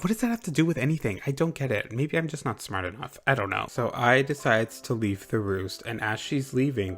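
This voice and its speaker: A young man hosting a comedic movie recap, sarcastic and dramatic, swearing freely. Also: fairly low pitch. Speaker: YouTube host.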